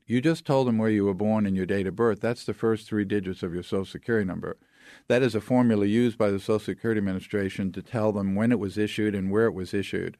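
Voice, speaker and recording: Lowish guy explaining stuff like an expert, step by step, dry close sound. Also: fairly even intonation, quick pace, warm tone, no echo. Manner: authoritative, explains with step-by-step examples. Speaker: fraud expert guest. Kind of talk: explanatory interview talk.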